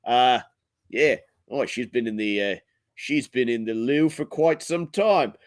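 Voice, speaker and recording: A man's voice: mid-range voice, unhurried, dry recording, studio quality, natural voice. A man voicing a clueless man from a dating app in a mock Australian accent, drawling and dropping slang. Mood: puzzled.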